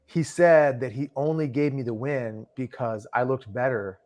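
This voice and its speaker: A podcast host with a mid-range, slightly mellow voice speaks at normal speed. He tells stories in a loose, chatty way, often tossing in "right?" and "you know".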